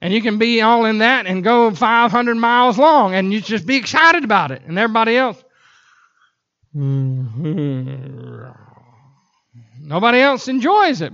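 High-voiced, lively preacher. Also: male voice, measured pace, pauses often, highs cut off. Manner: animated storytelling with sudden whoops. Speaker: pastor. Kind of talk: sermon. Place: church sanctuary.

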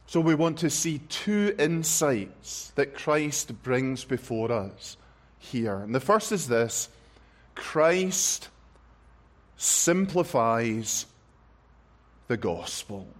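A man's voice: mid-range voice, animated, slow. A man preaching a sermon, stressing words one by one and repeating phrases for effect.

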